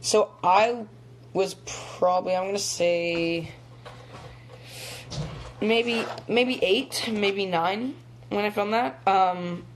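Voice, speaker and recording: A man's voice: high-pitched, drawn-out words, long pauses, a little hiss or hum. A teenage boy chatting casually on a phone live stream, rambling with lots of ums and little laughs. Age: teens. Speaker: young actor live-streaming. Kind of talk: casual chat.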